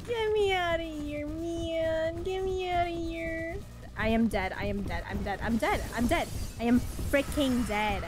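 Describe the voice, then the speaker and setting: A woman's voice: high-pitched, animated, measured pace, background noise. A woman streamer reacting to a horror game live, jumpy, squealing and laughing her way through the scares.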